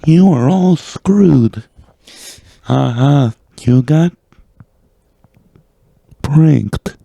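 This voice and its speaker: A stiff, monotone impression of a famous physicist with a synthetic-sounding voice, put on by a man. The voice is pushed higher than his natural low register but keeps a gravelly edge. It is recorded dry and close. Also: drawn-out words, no echo, heavily acted. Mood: mock robotic. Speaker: podcast co-host.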